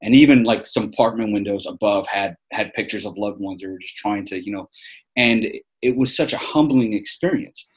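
A man's voice: fairly low pitch, normal speed. New york guy in his 40s, rambly and sincere, lots of you-knows. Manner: earnest, rambling with many fillers and restarts. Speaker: guest. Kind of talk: casual interview storytelling.

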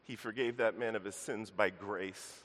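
A man's voice: fairly low pitch, fairly even intonation, moderate pace, fairly bright tone, big-room sound. A man pastor preaching a sermon in earnest, addressing the congregation directly as church. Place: church sanctuary.

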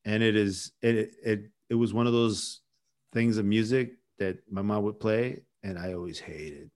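A man's voice: fairly low pitch, a little slow, darkish tone. A man hosting a podcast, telling stories in a rambling, chatty way with lots of restarts. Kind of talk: casual chat.

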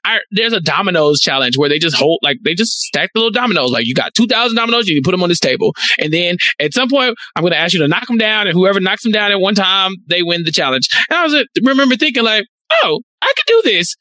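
A man chatting casually as a podcast co-host, animated, telling a story full of "like" fillers. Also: high-pitched, fast, hardly any pauses. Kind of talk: casual chat.

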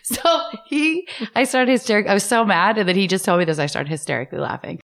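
A middle-aged woman co-hosting a casual podcast, reacting loudly and telling stories about her family. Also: medium pitch, quick pace. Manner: animated, exclaiming reactions. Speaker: podcast co-host. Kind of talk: casual chat.

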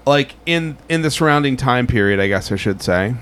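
A man's voice: medium pitch, expressive, moderate pace, a bit bright, clean tone. A man telling a story in casual podcast chat, rambling and full of fillers like "like" and "um". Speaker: podcast co-host.

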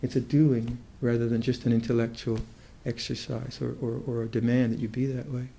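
An older man, a Buddhist meditation teacher, giving a reflective dharma talk in a thoughtful, halting way, often restarting his sentences. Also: mid-range voice, flat delivery, creaky, warm tone.

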